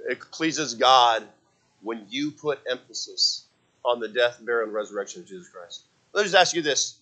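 A man's voice: mid-range voice, expressive, normal speed, rough recording. A man preaching a sermon, quoting scripture and driving his points home with emphasis. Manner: emphatic preaching, rising and falling loudness, quotes scripture.

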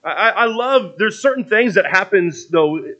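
A man's voice: high-pitched, animated, normal speed, sharp tone, dull audio. A man preaching a sermon in a conversational, storytelling way, often restarting his phrases.

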